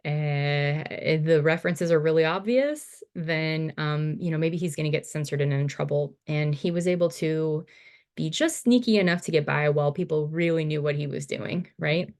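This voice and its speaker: A woman teaching over slides in a relaxed, casual manner, full of fillers and restarts. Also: low-pitched, moderate pace. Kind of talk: recorded slide lecture.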